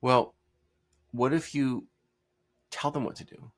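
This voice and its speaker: A man's voice: mid-range voice, fairly even intonation, slow. A man hosting a solo talk, blunt and commanding in his advice. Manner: blunt, commanding, mocks hesitant speech with put-on hedging. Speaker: host. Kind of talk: solo commentary on persuasion.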